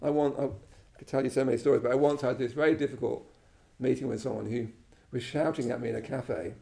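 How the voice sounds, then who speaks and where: A dark, creaky voice of medium pitch and steady tone belongs to an Englishman speaking quickly to a live class in the shrine room of a Buddhist centre. His talk is informal, chatty and self-deprecating, full of "you know" and "yeah?".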